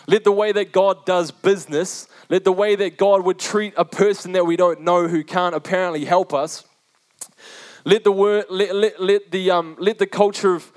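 A man's voice: high voice, normal speed. A young man preaching a sermon in a casual, slangy way, repeating phrases for emphasis.

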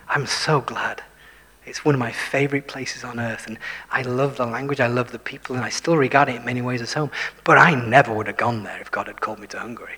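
Man preaching, husky voice, long hall echo, hushed asides, asks the congregation questions. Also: medium pitch. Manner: shifts between full voice and hushed whispers for emphasis; self-deprecating, asks the listeners questions. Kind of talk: sermon.

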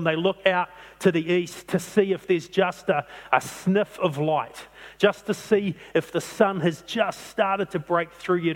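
A man preaching a sermon, earnest, stretching out key phrases for emphasis. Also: high voice. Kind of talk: sermon on a psalm. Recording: long hall reverb.

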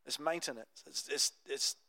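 A young adult man preaching a sermon, telling a Bible story in a conversational, animated way with casual asides. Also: mid-range voice, moderate pace, gravelly, dry recording. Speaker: pastor.

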